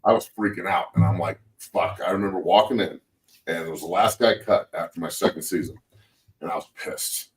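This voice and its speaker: A man in his forties hosting a casual sports talk show, telling profane, animated football stories and acting out quotes. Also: deep voice, brisk, recorded from a distance, rough recording. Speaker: show host, former NFL lineman turned coach.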